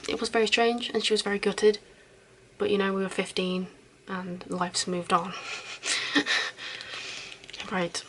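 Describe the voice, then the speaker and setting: Softly whispering woman, hissy recording. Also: medium pitch, level tone, slow pace, long pauses. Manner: soft, chatty and reassuring, with giggles. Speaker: ASMR host playing a caring best friend. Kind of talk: whispered role-play.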